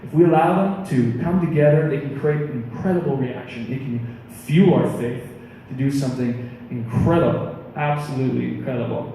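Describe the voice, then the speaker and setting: A man giving a casual youth sermon from a stage, as a chatty, animated storyteller. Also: mid-range voice, normal speed, creaky, a little hiss or hum. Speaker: youth pastor. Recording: echoey hall, mic far off.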